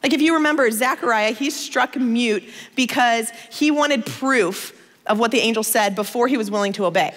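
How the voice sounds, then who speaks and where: A woman in her thirties from the United States, preaching a sermon in a conversational, expressive storytelling manner. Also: on the high side, moderate pace, big-room sound.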